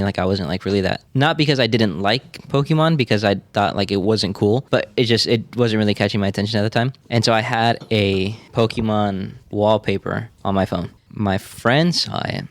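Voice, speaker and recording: A man's voice: fairly low pitch, dry recording. A man on a casual group podcast, telling a personal story and acting out the people in it. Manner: animated storyteller, acts out quoted voices. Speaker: podcast co-host.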